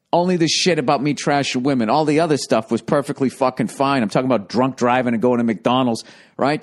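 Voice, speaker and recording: A middle-aged comedian with a medium-pitched voice delivers a rambling, profane story as a casual podcast monologue, sprinkling in wry asides.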